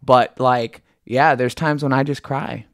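A man's voice: medium pitch, steady tone, measured pace, a bit bright, no echo, studio quality. A man who fights for a living, a guest on a casual podcast, talking bluntly and earnestly with frequent swearing.

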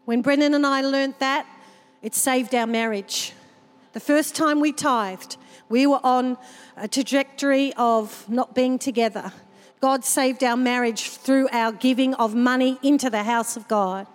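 A woman pastor with a high voice preaches a sermon at an unhurried pace and tells personal stories with open emotion. Her voice rings out with a long reverb from the church hall. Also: fairly even intonation, clean tone. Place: church service.

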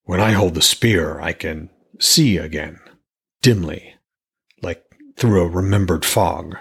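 A man voicing a blind god, low and gravelly. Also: takes it slowly, a bit bright, exaggerated voice. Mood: wondering. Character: Hodr, a blind male god, quiet and wondering.

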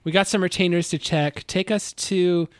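A man with a noticeably high voice co-hosts a casual podcast. He tells his stories animatedly and keeps breaking into laughter. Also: moderate pace, clean tone, no room sound, clean studio sound. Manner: animated storytelling, laughs often. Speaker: podcast co-host. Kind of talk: casual chat.

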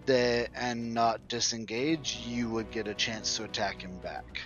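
A man's voice: medium pitch, little pitch movement, a little slow, over music. Man running a tabletop game, lo-fi audio. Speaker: game master. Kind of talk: narrating and explaining a tabletop game. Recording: dull lo-fi audio.

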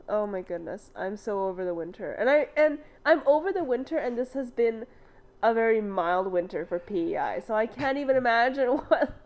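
A woman's voice: a little high, animated, moderate pace, darkish tone. A woman co-hosting a podcast in casual chat, rambling and giggling, with lots of "like" fillers. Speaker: podcast co-host.

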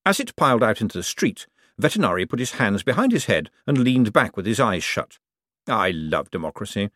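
A man reads a comic fantasy novel aloud in a dry, wry storyteller's manner, his pitch rising and falling with great life. He sits close to the microphone in a dead, dry booth with no room sound at all. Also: fairly quick, no room sound. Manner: dry, wry storytelling with lively voiced characters. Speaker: audiobook narrator.

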